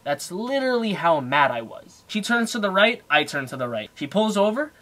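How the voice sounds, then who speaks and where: A young man rants about his day in a quick, casual vlog. His voice is bright and sits a little high, and he keeps slipping in "like" as he gets worked up. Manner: animated, heated, fast with fillers. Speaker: car vlogger. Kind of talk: casual storytelling rant.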